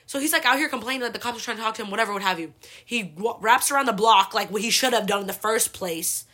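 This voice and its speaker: Bright-voiced young woman telling a story. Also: on the high side, fast talker. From San Francisco Bay Area. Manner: profane, rambling, heavy use of like. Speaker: podcast host. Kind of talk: casual storytelling.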